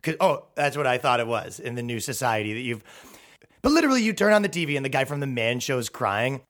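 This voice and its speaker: A man's voice: mid-range voice, animated, fast, fairly bright tone. A man holds forth on his own podcast in a loose, rambling comedic rant, dropping curses and sarcasm as he goes. His voice sits in an ordinary middle register for a man. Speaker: podcast host. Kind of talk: comedic monologue.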